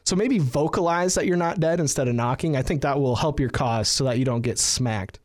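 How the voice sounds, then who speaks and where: A man's voice: mid-range voice, brisk. A man co-hosting a podcast in casual, joking banter, acting out quotes as he tells stories. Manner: animated, jokey, acts out quotes. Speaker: podcast co-host.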